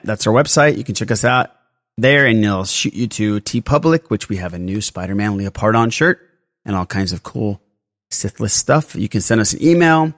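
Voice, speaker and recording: Podcast host, male, thirties; lowish voice, dry close sound, chatty delivery. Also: no room sound. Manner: chatty, runs through plugs and news quickly. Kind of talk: casual podcast chat.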